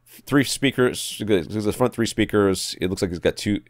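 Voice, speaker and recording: A man co-hosting a podcast, reading out a listener's room description in a relaxed way. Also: lowish voice, moderate pace, dry recording, clean studio sound. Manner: relaxed, reads listener letters, laughs often. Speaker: podcast co-host. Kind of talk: casual technical chat.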